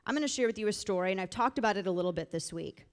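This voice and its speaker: A woman's voice: mid-range voice, expressive, racing. A middle-aged woman from the Missouri Ozarks giving an emphatic, storytelling speech at a political rally in a large event hall. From rural Missouri Ozarks. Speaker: political speaker. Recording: live hall with long reverb.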